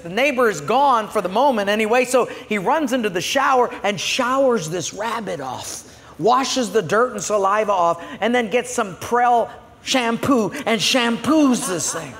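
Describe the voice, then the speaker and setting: A pastor preaching a sermon, telling a story and moving from quiet to loud passages. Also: male voice, very high voice. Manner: storytelling, swinging from hushed to loud. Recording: long hall reverb.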